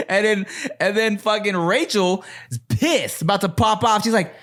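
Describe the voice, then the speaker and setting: A man's voice: sits high, normal speed, few pauses. A man telling a story on a podcast in a loose, casual way. He swears freely, laughs often and slips into voices when he quotes people. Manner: animated, profane, laughs often, acts out quotes. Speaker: podcast co-host.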